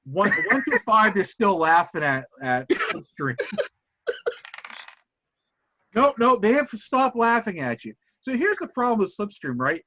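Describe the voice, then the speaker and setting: A man runs a tabletop game, rambling and restarting his sentences as he describes each scene. His voice is fairly high and swings widely in pitch. The recording is dry and slightly muffled. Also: sing-song, unhurried, long pauses, bright, forceful tone, no room sound. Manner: rambling, self-correcting narration. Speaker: game master.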